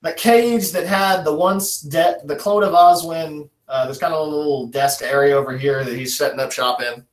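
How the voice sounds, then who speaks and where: A man's voice: on the high side, moderate pace, few pauses. A man running a tabletop game as dungeon master, narrating in a casual, chatty way. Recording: roomy echo.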